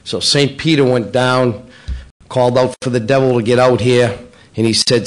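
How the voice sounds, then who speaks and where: A man's voice: medium pitch, fairly even intonation, moderate pace. Middle-aged guy at a breakfast roast, teasing folks, telling jokes. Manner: teasing, jokey, playful. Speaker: local politician speaking at a breakfast. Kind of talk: roast-style joke telling. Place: banquet room at a public breakfast.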